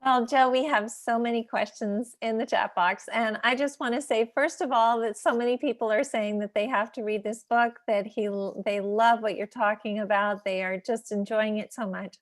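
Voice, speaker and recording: A woman's voice: on the high side, fairly even intonation, moderate pace, few pauses, no room sound, studio quality. A woman hosting an online talk, reading audience questions aloud with enthusiasm.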